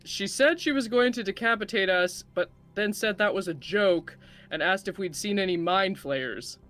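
A player in a tabletop game, giggly and quick to laugh. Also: medium pitch, a bit bright, faint music behind.

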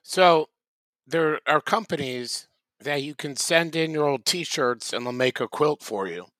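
A man's voice: a little high, unhurried, fairly bright tone, no echo. A man co-hosting a podcast, chatting casually with dry, wry asides. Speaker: podcast co-host. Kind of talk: casual chat.

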